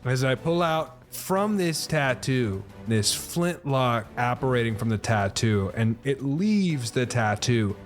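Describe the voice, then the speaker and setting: A man with a mid-range voice plays a tabletop game with quick, animated energy. He is playful as he narrates his attacks, with soft music in the background. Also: mid-range voice. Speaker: player. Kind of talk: in-character tabletop play.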